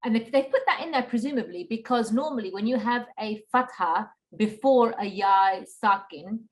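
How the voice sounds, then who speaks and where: A woman's voice: fairly high pitch, moderate pace. A woman co-teaching an online lesson, asking questions and checking each point with tag questions like "right?".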